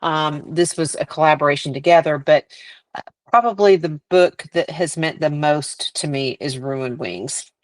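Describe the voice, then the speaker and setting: A woman's voice: sits low, moderate pace, no room sound. A woman author being interviewed on a podcast, chatty and heartfelt, laughing often as she tells her stories. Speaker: author guest.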